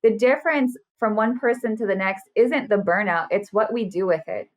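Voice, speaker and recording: This podcast guest, a burnout specialist in her thirties, has a mid-range voice and keeps a moderate pace through a casual interview chat. She's animated and earnest throughout, acting out the quotes she tells.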